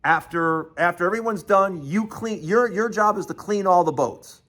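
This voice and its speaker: A man's voice: sits high, moderate pace, a bit bright. A man in his sixties, hosting a show and telling a childhood story, acting out the voices of the people in it with many restarts. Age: 60s. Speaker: host. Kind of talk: storytelling monologue.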